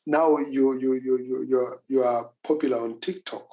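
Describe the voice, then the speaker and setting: A man hosting a live interview, easing into his question with repeated, halting words. His pitch stays in a middle range and barely moves, giving an even, level delivery. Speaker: interviewer, host.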